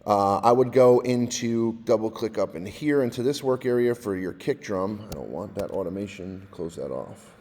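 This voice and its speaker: Man explaining software, mellow, reverberant. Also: lowish voice, animated, normal speed, few pauses. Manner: casual, explains step by step, often adds "all right?". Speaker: music technology teacher. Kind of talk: screen-recorded software tutorial.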